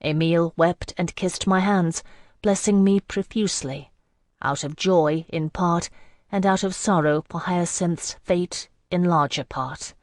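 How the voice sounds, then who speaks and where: A woman narrating a fantasy novel in the first person, in a measured, even storytelling manner. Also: lowish voice, dry recording, clean studio sound. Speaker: audiobook narrator.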